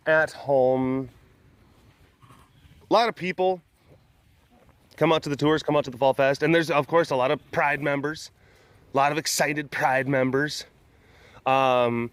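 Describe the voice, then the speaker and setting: A man's voice: a little high, normal speed, fairly bright tone, no room sound. A man hosting a casual vlog from outdoors at a big cat sanctuary, where he guides tours. He rambles and jokes, with many fillers and restarts.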